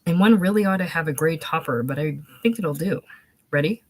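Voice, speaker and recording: A woman's voice: sits low, a little fast. A woman voicing a charming, theatrical young Englishman in an audiobook reading, with gallant, courtly phrasing. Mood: breezy.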